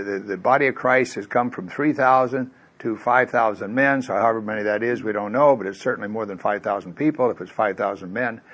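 A man delivers a conversational sermon in an easy, mid-range voice. He keeps it folksy and lively, dropping in casual asides and filler words. When he retells what someone said, he acts out their voice. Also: medium pitch. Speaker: pastor.

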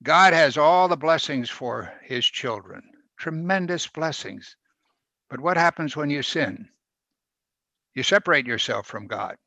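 Male pastor, expressive sermon delivery, slightly high voice. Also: unhurried, creaky, no echo. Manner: expressive, rises and drops in volume for emphasis. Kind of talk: verse-by-verse sermon.

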